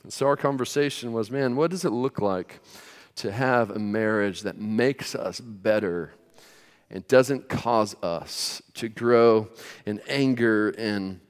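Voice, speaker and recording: A man's voice: fairly low pitch, takes it slowly, in a large hall. A man in his forties, a pastor telling a personal story in a sermon, conversational with emphatic rising bursts.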